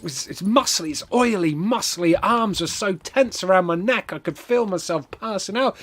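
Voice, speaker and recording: A man streaming a game, telling a rambling story in a lively, animated way with lots of fillers. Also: high voice, normal speed, few pauses. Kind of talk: casual storytelling while gaming.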